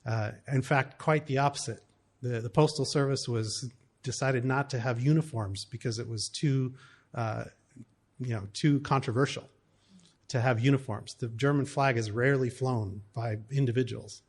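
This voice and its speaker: A middle-aged American man speaks to an audience about his family, telling stories in an easy, conversational way. He fills his sentences with ums and small restarts as he goes. His voice sits at an ordinary middle pitch for a man. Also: moderate pace. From United States. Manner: conversational, storytelling with fillers. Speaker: speaker on cross-cultural family life. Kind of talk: talk to an audience.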